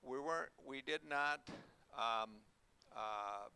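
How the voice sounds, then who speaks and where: A man who runs an auction school, addressing an audience at a hotel event in a folksy, halting way with many fillers. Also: medium pitch, creaky, sharp tone, clear, resonant tone. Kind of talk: speech to an audience.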